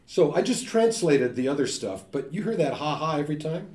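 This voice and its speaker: A man giving a linguistics talk, animated and joking, often imitating sounds and voices. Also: fairly high pitch, brisk. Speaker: linguistics lecturer. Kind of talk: academic talk. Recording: echoey room.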